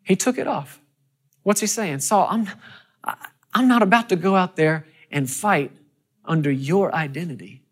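A passionate preacher delivering a sermon who keeps turning to the listeners with questions. The delivery climbs repeatedly into loud, high peaks, then drops back down. The voice sits at a middle pitch. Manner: asks the audience questions.

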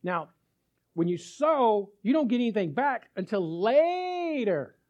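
A man preaching a sermon as pastor, animated, acting out little dialogues and asking his listeners if they follow. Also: very high voice, slow pace, lo-fi sound. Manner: animated, acts out little dialogues, asks the crowd.

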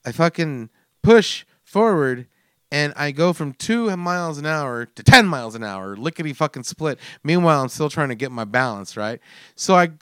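A man's voice: fairly high pitch, a bit bright, no room sound, clean studio sound. A man in his forties telling a story in casual chat, swearing freely and acting out the voices in his own mishap. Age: 40s.

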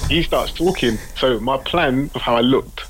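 A man from Britain, a creative director, telling animated, slangy anecdotes in a casual podcast interview. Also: medium pitch, normal speed, slight background noise, rough recording.

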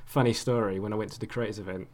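A man's voice: fairly low pitch, fairly even intonation, very fast. A man co-hosting a podcast, chatting casually and laughing often. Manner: laughs often, playful teasing. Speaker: podcast co-host.

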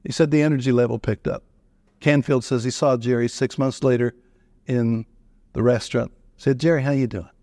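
A man's voice: mid-range voice, little pitch movement, moderate pace, mellow, no room sound. An older man giving a folksy, humorous sermon-style radio talk that quotes scripture. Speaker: radio speaker on retirement.

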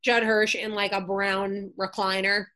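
An unhurried, medium-pitched woman's voice belongs to an actress and comedian guesting on a remote call. She tells lively stories in casual chat, acting out others' voices and swearing freely.

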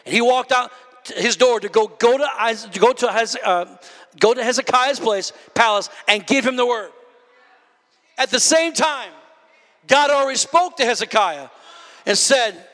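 A male preacher delivers a fervent sermon in a strikingly high voice. His tone is bright and cutting, and he often rises into shouts and calls out to the crowd. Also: lively intonation, moderate pace. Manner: impassioned, often shouting and building to high cries; calls out to the congregation.

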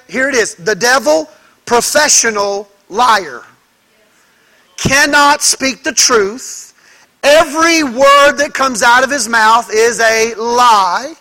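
In a very high, bright voice, a male pastor preaches an emphatic sermon. His delivery is slow and deliberate, and he drives home his points by posing rhetorical questions to the congregation.

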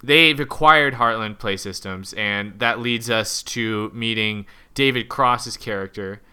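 Casual podcast co-host, male, very bright and clear tone, loose rambling delivery with lots of fillers. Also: lowish voice, a little slow. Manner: rambling, filler-heavy, chuckling. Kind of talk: casual film discussion.

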